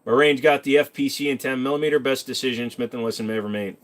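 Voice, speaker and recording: A man's voice: mid-range voice, fast talker, fairly bright tone. A man hosts a casual livestream and answers viewer questions one after another. His delivery is loose, jokey and self-mocking, sliding into careful detail whenever he explains his subject. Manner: knowledgeable about handguns, explains in detail.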